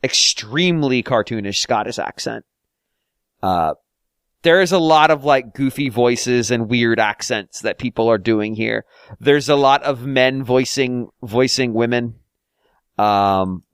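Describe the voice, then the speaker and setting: A man co-hosts a podcast with a mid-range, smooth voice, recorded dry with studio quality. He chats casually about a game, rambling along with plenty of fillers and restarts.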